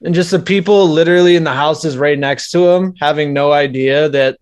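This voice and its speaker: A young man co-hosting a podcast, chatting in a laid-back way and tossing in quick jokes. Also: fairly high pitch, steady tone, clean tone. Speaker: podcast co-host. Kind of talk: casual chat.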